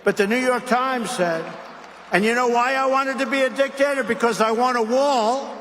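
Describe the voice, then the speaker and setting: A man with a high voice gives a gala speech, sarcastic and digressive, circling back to the same lines again and again. His voice rings with the long reverb of a large banquet hall. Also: normal speed, a bit bright, a little hiss or hum. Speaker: gala speaker. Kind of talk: rambling political speech.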